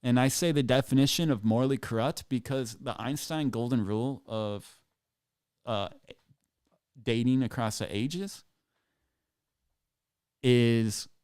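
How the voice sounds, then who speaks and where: A man's voice: medium pitch, measured pace, pauses often, darkish tone, smooth, dry recording, clean studio sound. A man in his thirties telling a rambling, crude story on a live stream, casual and self-amused. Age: 30s.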